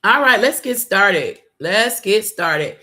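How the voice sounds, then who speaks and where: A woman's voice: medium pitch, expressive, slow pace, bright, forceful tone. A woman hosting a casual live talk, speaking emphatically and repeating her points, calling her listeners y'all. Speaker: host.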